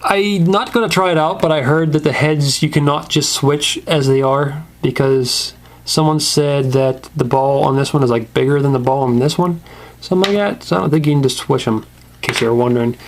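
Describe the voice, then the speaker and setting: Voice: medium pitch, a little fast, a little hiss or hum. A casual toy reviewer who rants, swears and laughs often.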